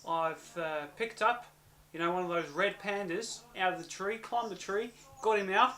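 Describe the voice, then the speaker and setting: A man's voice: high-pitched, moderate pace, fairly bright tone. A man playing an unhinged Englishman who fakes an Australian accent and brags in rambling boasts, in an improvised mockumentary comedy. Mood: boastful. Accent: put-on Australian. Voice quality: blustering, rambling boasts with fillers.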